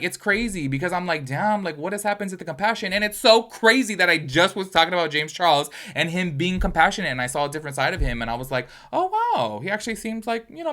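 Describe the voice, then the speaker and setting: A man's voice: mid-range voice, pushed and bright. A man giving casual opinion commentary, rambling and chatty, often stopping to address viewers and apologize. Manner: rambling, chatty, many fillers and asides to viewers; apologetic, earnest. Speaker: online commentary creator.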